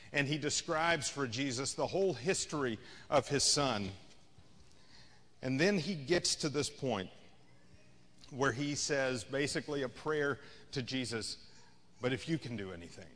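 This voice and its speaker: A man's voice: medium pitch, a bit bright. Male pastor, mid-range voice, chatty preaching that swells and drops, recorded in a church with a long echo. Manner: conversational preaching, rising and falling in intensity. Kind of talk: sermon. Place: church sanctuary.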